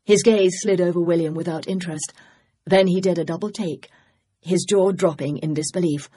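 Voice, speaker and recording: An audiobook narrator reading a mystery novel in a steady, measured way. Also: mid-range voice, husky. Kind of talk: scripted narration.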